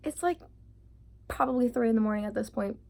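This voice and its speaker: A woman in her twenties telling a storytime vlog, animated and full of "like", acting out her own panicked lines. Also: on the high side, fairly quick, gravelly. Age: 20s. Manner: heavy use of filler "like". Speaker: vlogger.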